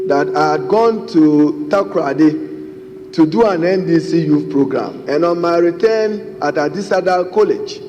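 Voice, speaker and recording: Ghanaian man giving a parliamentary speech. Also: a little high. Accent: Ghanaian English. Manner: formal oratory, addressing the Speaker repeatedly. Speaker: member of parliament. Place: parliament chamber. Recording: reverberant chamber with faint noise.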